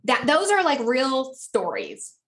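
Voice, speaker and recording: A middle-aged woman from New Jersey, a guest on a podcast, chatting casually and acting out quoted dialogue with lively jumps in pitch. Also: slow. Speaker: podcast guest, author and life coach. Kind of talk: casual conversational interview.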